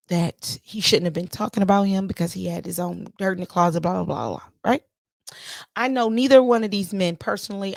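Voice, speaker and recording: Woman venting on her podcast, gravelly voice, dry close sound, keeps repeating herself for effect. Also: on the low side, no echo. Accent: playful put-on Jamaican-style lilt at times. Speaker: podcast host. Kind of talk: casual storytelling monologue.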